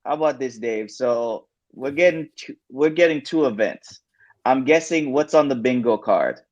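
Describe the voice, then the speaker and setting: A man guesting on a tech livestream, halting and repeating phrases as he thinks aloud. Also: mid-range voice, expressive, dull audio. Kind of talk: casual tech chat.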